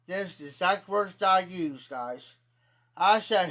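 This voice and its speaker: A man's voice: high-pitched, animated, a little slow, bright, forceful tone. A man with an Ohio accent telling a rambling, profane story to his live-stream chat in a casual way. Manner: rambling, profane, repeats himself.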